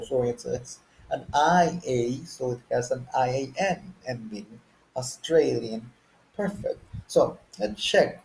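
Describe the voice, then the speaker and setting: A male English teacher leads a beginner lesson, with a voice pitched a little above the usual for a man. He talks at a very unhurried pace and keeps stopping to quiz his learners and get them to repeat words. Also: darkish tone, poor audio. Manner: slow, patient, asks learners to guess and repeat.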